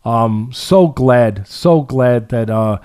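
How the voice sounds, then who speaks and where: An older man holds forth on boxing in loose, casual talk. He circles back on himself, restarts his sentences and leans on fillers, with a middle-pitched, ordinary voice. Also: slow pace, a little mellow, clear, resonant tone. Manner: rambling, many restarts and fillers, jokey then earnest. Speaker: boxing podcast host.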